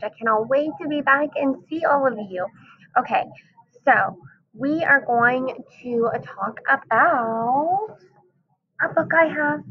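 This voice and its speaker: Animated woman teacher on tinny audio. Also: fairly high pitch, a little hiss or hum. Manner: animated, talks straight to the kids. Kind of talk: recorded class lesson for children.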